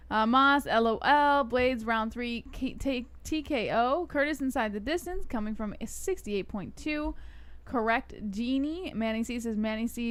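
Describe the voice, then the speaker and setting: A woman co-hosting a live stream, briskly reading out chat messages. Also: sits high, smooth.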